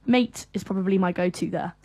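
A woman's voice: medium pitch, a little fast, mellow, no room sound. A young woman with a Southern English accent, hosting a radio show in easygoing, casual chat. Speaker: radio host.

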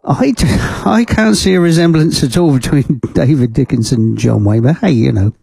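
A man's voice: medium pitch, moderate pace, vocal fry, warm tone, breathy edge, no room sound. A man presenting a community radio show from the studio, chatting casually and rambling with fillers and amused laughs. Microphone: studio microphone.

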